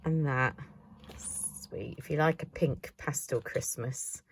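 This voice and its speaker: A woman's voice: very deep voice, takes it slowly, creaky, slight background noise. A woman showing her craft haul in a casual, chatty vlog, thinking aloud with self-mocking asides. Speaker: craft vlogger.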